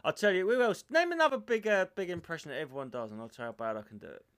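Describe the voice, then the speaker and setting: A man's voice: high voice, expressive, racing, fairly bright tone, smooth. A British man co-hosting a podcast in casual chat, playful and jokey, laughing often and slipping into silly voices. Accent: British English. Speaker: podcast co-host.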